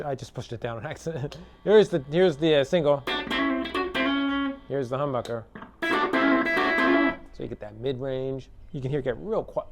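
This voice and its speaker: Laid-back man demoing a guitar, loose and talky, full of fillers and tag questions. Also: mid-range voice. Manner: relaxed, chatty, many fillers and tag questions. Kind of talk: casual product demo talk. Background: electric guitar playing.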